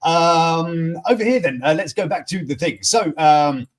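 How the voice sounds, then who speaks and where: A man's voice: fairly high pitch, lively intonation, a little slow. A man hosting a casual news stream, rambling with many fillers and restarts. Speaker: host. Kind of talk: casual live-stream chat.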